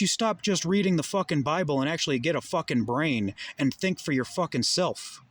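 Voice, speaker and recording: A man's voice: on the high side, expressive, fairly quick, few pauses. A young adult man delivering a heated, profane monologue full of rhetorical questions. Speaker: vlogger. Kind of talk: ranting monologue.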